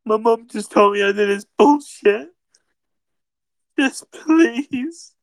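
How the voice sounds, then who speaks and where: A woman's voice: fairly high pitch, slow pace, no echo. A young woman in a casual recorded reaction, pleading and swearing while breaking into laughter and near-tears, talking close to her own mic.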